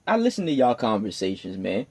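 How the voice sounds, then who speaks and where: A man in his twenties giving a solo morning rant, rambling and stammering, with crude language, jumping from loud, emphatic bursts to low mutters. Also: huge pitch swings, brisk, slightly rough. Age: 20s. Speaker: podcast host.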